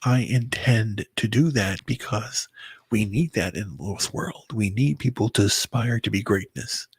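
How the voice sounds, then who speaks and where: Tired, gravelly-voiced man rambling. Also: lowish voice, animated, no room sound. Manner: halting, repeats and restarts words. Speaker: vlogger. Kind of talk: rambling personal monologue to camera.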